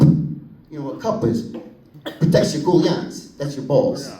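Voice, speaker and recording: A man's voice: fairly high pitch, a little slow. A man doing a stand-up comedy set, telling crude stories and acting out voices. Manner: crude, animated storytelling with acted-out voices. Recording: echoey room, mic heard from a distance.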